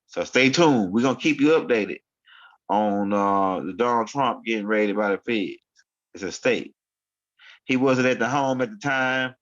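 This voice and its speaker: A man's voice: fairly low pitch, unhurried, a bit bright. A man hosting his own online show, rambling through casual commentary in street slang and often repeating himself. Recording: dull lo-fi sound.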